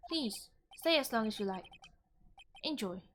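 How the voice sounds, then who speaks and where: A woman's voice: a little high, animated, measured pace, fairly bright tone, a little hiss or hum, voice pushed down. A woman putting on a polite British bellboy. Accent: put-on British. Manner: courteous, formal, deferential. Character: polite formal young male hotel bellboy.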